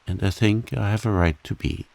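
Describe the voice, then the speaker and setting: A man voicing a proud, heartbroken woman who steadily confesses her long love, in a soft bedtime reading. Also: on the low side, normal speed, gravelly, pitched above the performer's own voice. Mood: steady, tender. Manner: steady, dignified, softly spoken.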